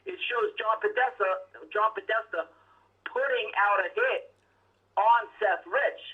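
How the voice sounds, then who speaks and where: A man's voice: high-pitched, a little slow. A man calling in as a talk show guest, talking in a rambling, opinionated and insulting way. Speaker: guest on a phone line. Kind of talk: casual political talk show chat. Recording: tinny phone line.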